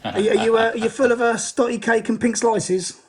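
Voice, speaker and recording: A man's voice: very high voice, fairly even intonation, fairly quick, breathy edge. A man hosting a casual football podcast, introducing guests with chatty fillers. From England. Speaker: podcast host.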